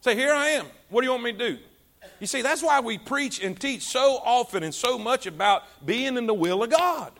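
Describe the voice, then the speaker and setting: A man preaching a sermon, urging the congregation to say lines back to him and swinging between loud emphasis and quiet asides. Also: very high-pitched, animated, normal speed. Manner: exhorting congregation, call and response; rises and drops in volume for emphasis. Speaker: pastor.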